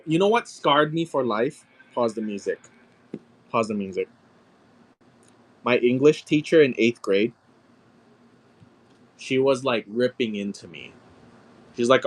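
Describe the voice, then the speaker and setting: A man's voice: mid-range voice, unhurried. A man in his thirties chatting casually while selling on a live stream, telling a story with lots of swearing and calling out sale numbers. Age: 30s. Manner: profane, animated storyteller, calls out sale numbers. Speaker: live-stream auction seller.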